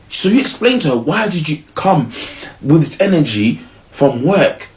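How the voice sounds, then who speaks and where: Animated man giving street advice. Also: medium pitch, normal speed. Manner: animated, slangy, acts out both partners. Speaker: relationship advice vlogger. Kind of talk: casual advice monologue.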